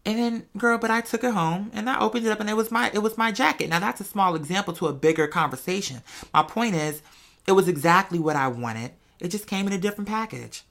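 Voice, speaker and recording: A man's voice: a little high, quick pace. A young man hosting a podcast, chatting expressively to listeners in a casual storytelling style. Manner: expressive and chatty, addresses listeners as y'all and girl. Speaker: podcast host.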